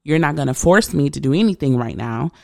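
Woman in her 30s telling her story, gravelly voice, does everyone's voices. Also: low-pitched, fairly quick, no echo, studio quality. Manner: animated retelling, acting out the people she quotes. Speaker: podcast host sharing her birth story. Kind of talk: emotional personal storytelling.

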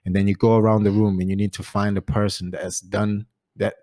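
Joking podcast host, dry close sound. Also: male voice, fairly low pitch, brisk, no room sound. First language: Portuguese. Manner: joking, laughs often, animated storytelling. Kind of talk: casual chat.

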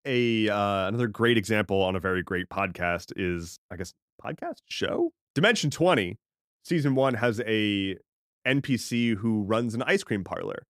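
Lively, thoughtful man podcast co-host. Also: fairly low pitch, moderate pace, no room sound, clean studio sound. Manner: thoughtful, explains at length, joking asides. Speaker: podcast co-host and game master. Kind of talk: casual podcast chat about tabletop games.

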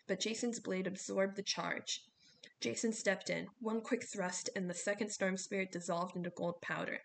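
A woman reading a novel aloud, steady storytelling with small slips. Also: medium pitch, gravelly, slight background noise. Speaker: audiobook reader.

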